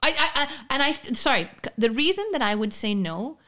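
Chatty woman with a high voice. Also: expressive, fairly quick, sharp tone. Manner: stammering restarts, searching for words. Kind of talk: casual chat.

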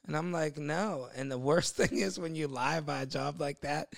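A man's voice: a little high, fairly even intonation, normal speed, creaky. A young man, a podcast guest, telling a work story in casual chat, laughing often and acting out the other people's voices.

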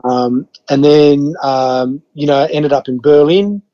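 A laid-back Western Australian man in his fifties, guesting on a podcast, tells stories casually, swearing freely and acting out his own reactions. His voice is a little high and mellow, with a steady tone and slow pace, and the audio sounds dull.

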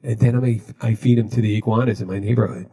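Man, podcast host, husky voice, casual storytelling, deadpan delivery. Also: medium pitch, quick pace. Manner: deadpan, recounting jokes he told.

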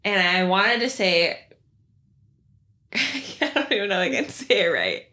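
A woman's voice: mid-range voice, lively intonation, unhurried, bright, forceful tone. A woman co-hosting a casual podcast, chatting and teasing with a giggly manner. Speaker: podcast co-host. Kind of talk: casual chat.

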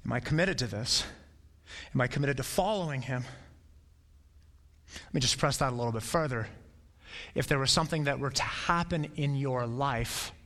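A man's voice: medium pitch, moderate pace, pauses often, a bit bright, in a large hall. A man preaching a sermon in a conversational way, acting out the quotes he reads. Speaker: pastor.

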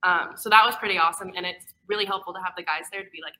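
Bubbly bright young woman. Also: mid-range voice, very fast, few pauses, slight background noise, low-quality recording. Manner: bubbly, animated storytelling. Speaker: swimmer on a team. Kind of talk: casual interview answers.

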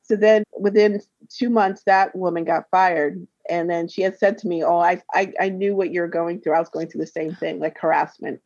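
A woman's voice: fairly low pitch, steady tone, moderate pace, few pauses, a little mellow, no room sound. A woman who works as a therapist and healer, telling a personal story in casual conversation, acting out the voices she quotes and laughing often. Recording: dull, slightly lo-fi dry recording.

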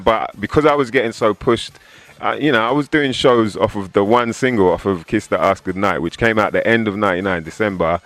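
Low-voiced English rapper telling stories. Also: male voice, a little fast, no room sound. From England. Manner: animated storyteller, acts out quoted voices. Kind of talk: casual interview talk.

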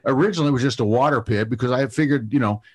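A middle-aged man telling a lively story in an interview, full of fillers, repeated words and restarts. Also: medium pitch, racing, husky. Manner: animated anecdote-telling with many fillers and restarts. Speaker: TV producer guest.

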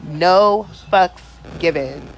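A woman hosting a podcast, telling a story in a casual, animated and crude way, with plenty of swearing. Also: on the low side, extremely slow, low-quality recording. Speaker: podcast host.

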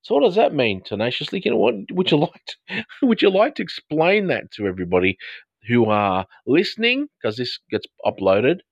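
A man's voice: on the high side, sing-song, moderate pace, vocal fry, no room sound, dull audio. An Australian man hosting a live podcast, chatting straight to his listeners. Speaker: podcast host and counsellor.

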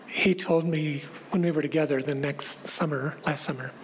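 A woman with a somewhat low voice delivers a reflective, measured sermon, repeating key phrases as she goes. Her words ring out with a long reverb in a large sanctuary, over a faint background hiss. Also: steady tone. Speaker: pastor.

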